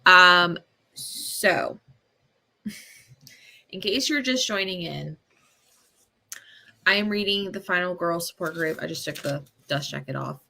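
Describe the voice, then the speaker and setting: A woman hosting a casual live reading stream, chatting slowly with many ums and soft laughs. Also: on the low side, creaky. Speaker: booktube host.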